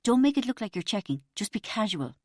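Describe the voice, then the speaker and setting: A woman's voice: mid-range voice, sing-song, a little fast, darkish tone, dry recording, clean studio sound. A woman reading an audiobook, voicing her anxious, self-conscious young friend who talks in a fretful, urgent way.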